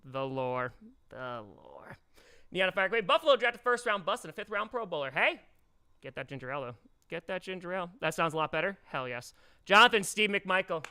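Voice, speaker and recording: A man's voice: sits high, quick pace, clear, resonant tone. A man hosting a live stream in a rented studio, talking casually and energetically while reading viewer messages aloud. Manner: energetic, chatty, fussing over audio settings and reading viewer messages aloud. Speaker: livestream host.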